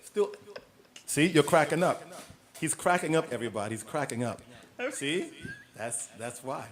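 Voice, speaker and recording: A man from New York talking as an interview guest, relaxed and storytelling, often laughing. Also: on the high side, moderate pace. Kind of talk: casual interview conversation.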